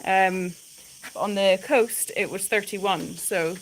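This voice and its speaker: A woman's voice: mid-range voice, takes it slowly, rough recording. A woman hosting a live stream from a rural animal sanctuary, chatting casually, laughing often and breaking off to talk to the animals while she walks with her phone. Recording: loud outdoor wind noise. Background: wind and animals.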